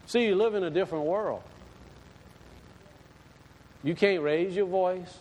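Folksy preacher in an echoey hall. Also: male voice, high-pitched, measured pace, a little mellow. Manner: folksy storytelling with sudden emphatic swells. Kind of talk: sermon.

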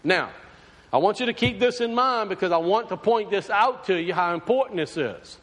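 Casting: male preacher, high lively delivery, conversational sermon, long church reverb. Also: moderate pace. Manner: animated, conversational preaching with rhetorical questions. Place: church sanctuary.

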